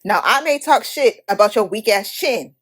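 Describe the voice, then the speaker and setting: A Haitian-American woman hosting a podcast, giving a blunt, profane, animated movie review in casual talk. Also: medium pitch, normal speed, husky. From United States. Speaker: podcast host.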